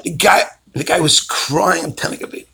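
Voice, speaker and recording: Gravelly high-voiced rabbi telling stories. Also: male voice, fairly quick, heavy background noise. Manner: animated storytelling, acts out callers' voices. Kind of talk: storytelling sermon.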